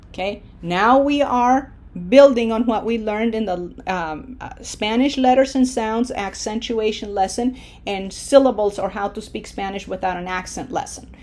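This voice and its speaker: A woman teaching a Spanish verb lesson, modeling each word slowly and stressing the syllables. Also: mid-range voice. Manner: slow, deliberate modeling of words, stressing syllables. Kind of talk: language lesson with drills.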